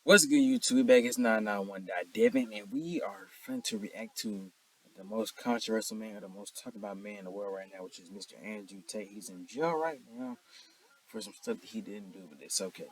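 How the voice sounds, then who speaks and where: Laid-back low-voiced man, casual. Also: a little fast. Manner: laid-back, slangy, self-mocking. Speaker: reaction video host. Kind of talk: casual reaction commentary.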